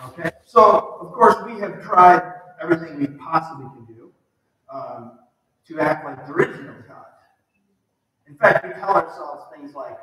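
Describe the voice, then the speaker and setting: A man's voice: a little high, moderate pace, sharp tone. A man preaching a sermon in a conversational way, often asking the congregation questions. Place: church sanctuary. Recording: distant mic in an echoey hall.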